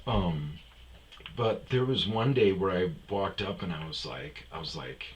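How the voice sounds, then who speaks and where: A man's voice: deep voice, unhurried, background noise. A man hosting a podcast, telling a personal story in a loose, rambling way with lots of fillers and restarts. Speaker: podcast host. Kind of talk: casual storytelling monologue.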